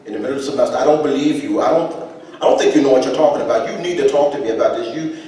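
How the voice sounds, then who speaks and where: A man's voice: very fast, natural voice. A man voicing a stern older Southern grandfather who speaks in a clipped Sea Islands South Carolina accent, insistent and scolding, performed live on a theater stage. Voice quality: clipped, high and loud. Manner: insistent, scolding, repeating himself. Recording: echoey hall from far off.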